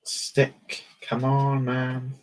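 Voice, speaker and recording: A man's voice: medium pitch, monotone, drawn-out words. A man chatting casually on a livestream while building a toy set, joking and poking fun at himself. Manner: chatty, joking, self-mocking.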